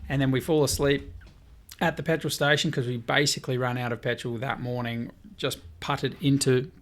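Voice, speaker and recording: A man with a mid-range voice speaks at normal speed as a podcast guest, telling a story in casual conversation. He's lively, swears now and then, and acts out what people said by quoting them in dialogue.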